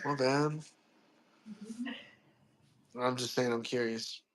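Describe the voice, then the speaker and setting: A man's voice: medium pitch, fairly even intonation, takes it slowly. A man hosting a casual chat, rambling, slangy, and repeating himself. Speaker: podcast host.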